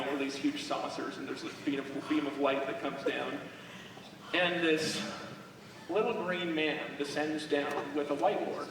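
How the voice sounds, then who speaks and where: A man's voice: a little high, vocal fry, very noisy. A man speaking live on stage to a crowd, telling rambling, joking stories about his life. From Alaska. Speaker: motivational speaker. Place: large event hall. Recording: echoey hall recorded from far off.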